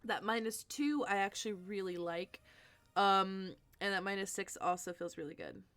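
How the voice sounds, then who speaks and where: A woman's voice: medium pitch, normal speed, fairly bright tone, faint music behind. A woman hosting a live stream, chatting casually and answering viewers' comments as she thinks aloud. She is tired and sleepy. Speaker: livestream host.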